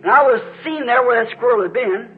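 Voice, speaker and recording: A man with a high-pitched voice preaches to a congregation, wandering through a personal testimony with earnest, rambling asides. He speaks straight to the people in the pews. The recording sounds dull and lo-fi. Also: brisk. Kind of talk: sermon testimony storytelling. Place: church before a congregation.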